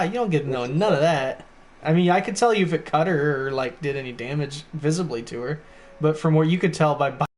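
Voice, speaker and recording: Laid-back man running a tabletop game. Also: fairly high pitch. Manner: laid-back, laughs often, rule checks mid-sentence. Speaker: game master.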